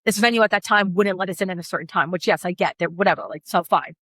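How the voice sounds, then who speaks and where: A woman wedding coordinator in casual chat, telling a story in an animated, blunt way, swearing freely and acting out what people said. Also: lowish voice, fast, dry recording.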